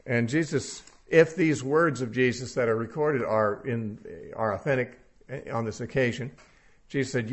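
A man's voice: medium pitch, normal speed. A man teaching through a Bible passage verse by verse, talking casually and thinking aloud with frequent fillers.

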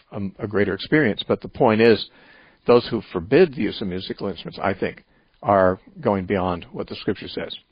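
A lower-pitched man hosting call-in radio and working through an answer in a measured, reasoning way. The sound is dry and a little dull, with no room echo. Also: slightly rough. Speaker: radio show host and Bible teacher.

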